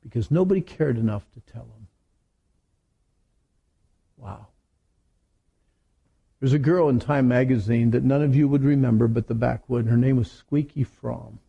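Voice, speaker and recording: A middle-aged man preaching a sermon to teenagers, telling stories in an animated way. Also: medium pitch, normal speed, vocal fry, pauses often, breathy edge, lo-fi sound. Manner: animated storytelling with acted quotes. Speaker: youth preacher.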